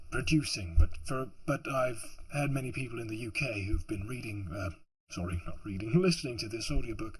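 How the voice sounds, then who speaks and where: Husky man rambling in a put-on British accent. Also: mid-range voice. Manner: rambling, self-mocking, chuckling. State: tired late at night. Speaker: audiobook narrator. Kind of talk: rambling late-night chat.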